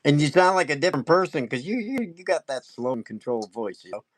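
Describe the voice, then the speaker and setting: A man teaching wood carving on a casual live stream, talking fast and excitably and laughing often. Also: a little high.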